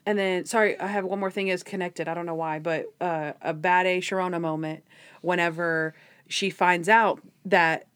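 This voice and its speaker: A woman's voice: fairly low pitch, steady tone, moderate pace, fairly bright tone, smooth. A woman chatting casually as a podcast co-host, animatedly retelling scenes from an episode and acting out the characters' lines. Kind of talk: casual chat recapping a TV episode.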